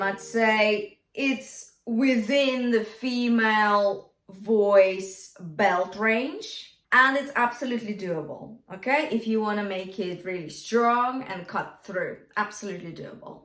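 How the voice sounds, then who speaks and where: This vocal coach has a medium-pitched, fairly bright voice. Teaching a singing lesson, she often asks "yeah?" and sings brief phrases as examples, captured from a distance in a roomy space.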